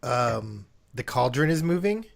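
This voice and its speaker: A man's voice: mid-range voice, very animated, unhurried, creaky. A man playing a tabletop game, hesitant and full of fillers. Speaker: player.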